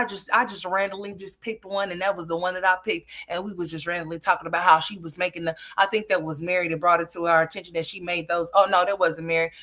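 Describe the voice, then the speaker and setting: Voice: mid-range voice, pushed and bright. A commentary host reacting to clips with brash, profane, mocking talk.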